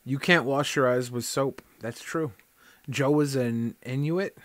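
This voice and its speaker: A man co-hosting a live stream, teasing and reacting quickly in casual banter. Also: mid-range voice, a bit bright, no echo.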